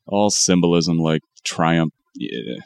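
A man's voice: low-pitched, expressive, takes it slowly, creaky, darkish tone. A man co-hosting a podcast in a laid-back, joking way, swearing now and then. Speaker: podcast co-host. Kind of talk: casual chat.

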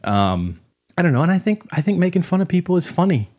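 A man's voice: high voice, sing-song, fast, a little mellow. A man in a casual podcast chat, blunt and profane, rambling and laughing often. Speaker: podcast co-host.

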